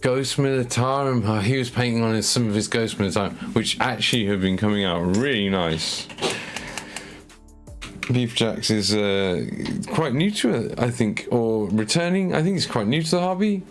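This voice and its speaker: A man's voice: mid-range voice, moderate pace, music in the background. A man painting miniatures live on stream, chatting casually with his viewers in a rambling, self-mocking way with stammered repeats.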